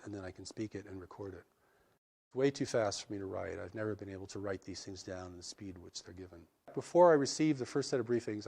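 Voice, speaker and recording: A man with a lowish voice answers interview questions in a reflective, earnest way. He speaks measuredly and often circles back to restart a thought. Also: a little mellow. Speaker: interviewee describing spiritual revelations.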